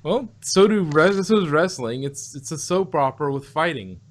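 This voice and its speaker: A man's voice: fairly high pitch, lively intonation, normal speed. A man co-hosting a casual review podcast, thinking aloud with lots of fillers and restarts. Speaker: podcast co-host.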